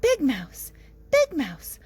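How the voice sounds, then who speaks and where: High little mouse boy, anxious and pleading, storybook voice from a woman reader. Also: big pitch swings, slow pace, slight background noise, heavily acted. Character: small frightened young boy mouse.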